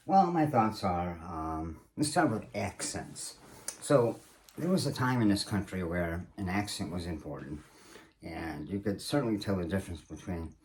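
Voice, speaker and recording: A man hosting his video channel, giving casual instructional advice in a measured way, pausing often with fillers. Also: sits low, darkish tone, a little hiss or hum. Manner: measured, hesitant with frequent fillers. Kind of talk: casual instructional talk to camera.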